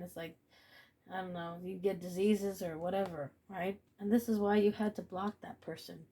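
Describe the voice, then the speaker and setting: A woman's voice: medium pitch, normal speed, mellow, husky. A woman giving a casual spiritual reading to camera, blunt and profane, repeating phrases and laughing often. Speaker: tarot reader.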